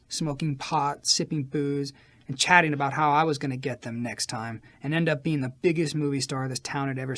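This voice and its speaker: A man reading a first-person memoir as an audiobook narrator, animated, with sharp swings in loudness from line to line. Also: on the high side.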